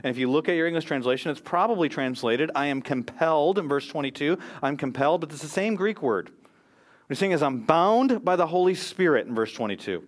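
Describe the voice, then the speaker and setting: A man's voice: on the high side, lively intonation, brisk. An American man preaching a sermon as pastor, earnest and emphatic, quoting scripture and speeches.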